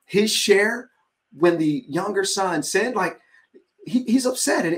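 A man pastor preaching in a conversational sermon, animated and dramatic, breaking off and restarting as he thinks aloud. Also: sits high, a little slow.

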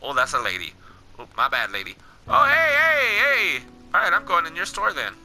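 Excitable young man doing gameplay commentary. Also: medium pitch, quick pace, soft background music, poor audio. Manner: excitable, talks to game characters, slangy. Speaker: gaming channel host.

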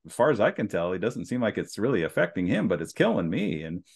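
Podcast guest, man, low voice, measured and thoughtful delivery. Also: big pitch swings, vocal fry, husky. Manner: measured and reflective, with some restarts. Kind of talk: reflective conversation.

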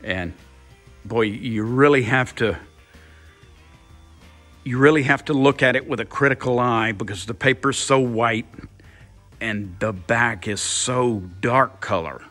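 A man's voice: mid-range voice, a little slow, long pauses, fairly bright tone, faint music behind. An older man thinking aloud in a casual workshop vlog, rambling and repeating himself as he works. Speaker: car builder, channel host.

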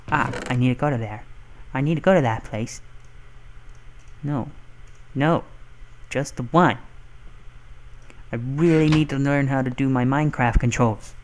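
Slow-talking goofy young gamer guy. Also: medium pitch, a little hiss or hum. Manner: goofy, playful and self-mocking. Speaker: gaming channel host. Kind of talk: casual let's play commentary.

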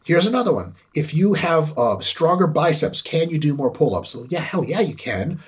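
A man's voice: fairly high pitch, big pitch swings, normal speed, husky, muffled recording. A man as a podcast guest who talks about training, swearing freely and acting out little dialogues. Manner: profane, acts out little dialogues. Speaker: podcast guest, sport scientist. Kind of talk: animated podcast conversation.

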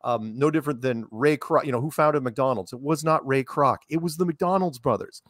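A middle-aged man with a soothing, low voice chats in a rambling, storytelling way, slipping into quoted voices as he goes. He sits close to the mic on a video call with a dry, dead sound. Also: fairly quick, no echo. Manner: rambling storyteller, animated quoting. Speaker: show host. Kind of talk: casual interview chat.

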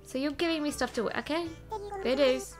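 A woman chatting playfully while she plays a game and thinks out loud, with game music behind. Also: sits high, a little fast. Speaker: let's play host. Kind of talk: casual gameplay commentary.

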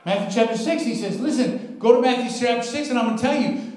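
A man's voice: very high voice, fast talker, darkish tone, faint music behind. A man preaching a sermon as pastor, telling a candid personal story with frequent chuckles and a casual "man" in his speech. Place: church sanctuary. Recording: very echoey church room.

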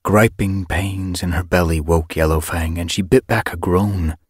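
A man reading an audiobook as narrator, in a measured storytelling manner, recorded in a studio. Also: low voice, fairly even intonation, husky, dry recording. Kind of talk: scripted narration.

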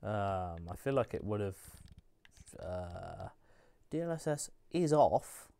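A man's voice: lowish voice, big pitch swings, takes it slowly, mellow, clean tone, no echo. A man streaming a video game, chatting and joking casually with his viewers. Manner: joking, chatty, mutters to himself. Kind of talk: casual gameplay commentary.

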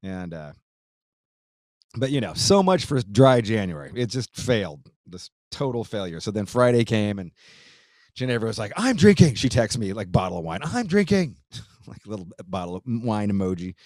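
A man's voice: on the low side, animated, moderate pace, darkish tone, no room sound, clean studio sound. A man hosting his podcast, chatting casually and reading a listener's letter, loose and profane, laughing easily with frequent restarts. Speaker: podcast host.

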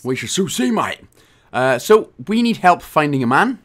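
A man's voice: on the high side, big pitch swings, normal speed, a bit bright. A man from Wales giving a casual, jokey game walkthrough, chatty and often correcting himself. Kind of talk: casual gameplay commentary.

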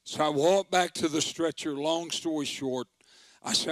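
An older man preaches a story-driven sermon in a folksy, dramatic manner that builds to forceful proclaiming. His voice sits a bit higher than most men's. The sound is dry and close, with little room echo. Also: fairly even intonation, normal speed. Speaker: pastor.

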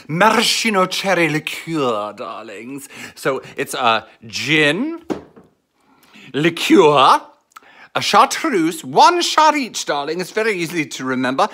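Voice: mid-range voice, sharp tone. Campy theatrical host in a home kitchen. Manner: campy, theatrical, calls listeners darling and angels. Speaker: host of a home cocktail show. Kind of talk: casual chatty cocktail tutorial.

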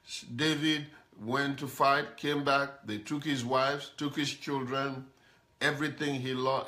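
Man, pastor, emphatic sermon, mid pitch, bright, live-streamed. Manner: emphatic, repetitive preaching with call-outs. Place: live-streamed to online viewers. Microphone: camera mic.

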